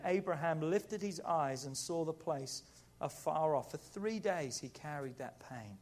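Middle-aged pastor guy preaching, chatty and animated, voice sits a bit high. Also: measured pace. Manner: animated, conversational preaching with playful asides. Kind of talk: sermon.

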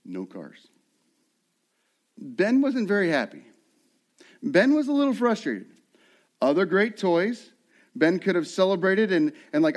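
At a moderate pace and with a slightly high voice, a middle-aged lead pastor preaches energetically, imitating the voices of the people in his sermon.

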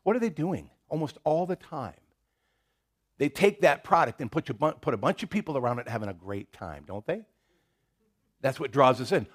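A pastor with a Southern American accent preaching a casual sermon, chuckling often and acting out little quotes. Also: male voice, mid-range voice, big pitch swings, moderate pace, slightly rough. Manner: conversational, laughs often, restarts and acts out quotes.

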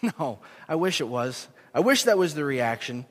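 A young man preaching a sermon in a church, earnest and animated, poking fun at himself. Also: a little high, moderate pace. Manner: earnest, animated, self-deprecating. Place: church sanctuary. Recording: long echo of a large hall.

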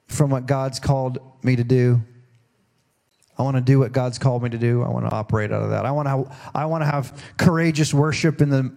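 A man's voice: medium pitch, creaky, darkish tone. A middle-aged man preaching a sermon in a folksy, conversational way, often restarting his sentences. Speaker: pastor.

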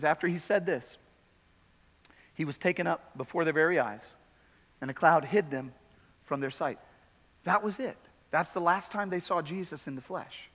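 Bright-voiced pastor, echoing hall. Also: male voice, fairly high pitch. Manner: storytelling, swings from hushed to emphatic. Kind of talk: sermon. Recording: long hall reverb.

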